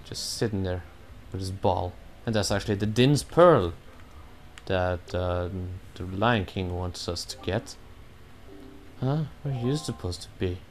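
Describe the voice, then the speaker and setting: Low-voiced man joking through gameplay. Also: lively intonation, a little slow, a little hiss or hum. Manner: rambling, joking, offhand. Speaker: video game let's player. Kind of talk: casual gameplay commentary.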